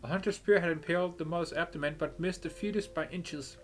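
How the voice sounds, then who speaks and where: Solemn veiled matriarch priestess, read by a man, measured and reverent, for a game playthrough. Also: a little high, pitched above the performer's own voice, close to an everyday voice. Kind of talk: reading game dialogue aloud.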